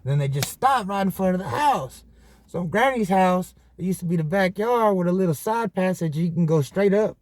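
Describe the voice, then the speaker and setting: A man hosting a podcast, telling a story in a casual monologue full of profane, animated street slang. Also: sits high, moderate pace, a little hiss or hum. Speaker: podcast host.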